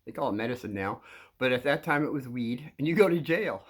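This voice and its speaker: Older male host, rambling storyteller, halting delivery, frequent chuckles. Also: mid-range voice, expressive. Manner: halting, repeats words, chuckles often. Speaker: channel host telling stories.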